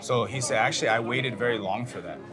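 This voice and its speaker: A man of middle pitch asks questions and translates each reply. Loud music plays under his voice. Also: fast. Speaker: interviewer and interpreter. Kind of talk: interviewing and interpreting.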